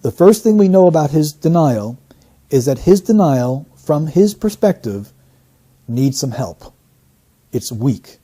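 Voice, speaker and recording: Male analyst, slightly high but very mellow and breathy; deliberate, teacherly commentary. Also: very animated. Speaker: statement analyst. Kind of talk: explanatory commentary.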